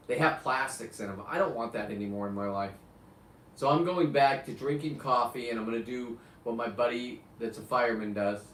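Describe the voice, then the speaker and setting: A man's voice: mid-range voice, a bit bright, slight background noise. A man in his fifties hosting a live show, talking bluntly in a rambling, profane way. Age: 50s. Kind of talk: rambling live-stream chat. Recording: roomy, distant mic, faint ambience.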